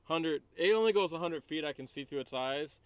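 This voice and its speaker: A man's voice: on the high side, animated, brisk, clear, resonant tone. A man playing a tabletop game who thinks aloud as he explains the rules. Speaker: player.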